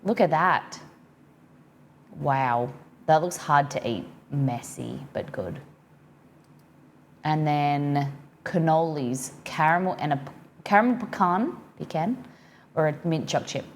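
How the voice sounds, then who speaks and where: An Australian woman with a fairly low voice hosts a cooking live-stream, chatting easily and reading out viewer comments as she reacts to each. She's expressive and slow, pausing often, with a faint background hum beneath her.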